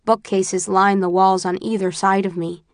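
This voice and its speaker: Woman reading a novel out loud, calm measured delivery, pretty dry sound. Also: mid-range voice, no room sound. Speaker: audiobook narrator. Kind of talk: first-person audiobook narration.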